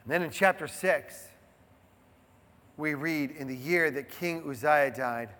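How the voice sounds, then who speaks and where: High-voiced preacher in a reverberant hall. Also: male voice, a little slow, pauses often. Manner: swings between hushed reflection and emphatic proclamation. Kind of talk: sermon.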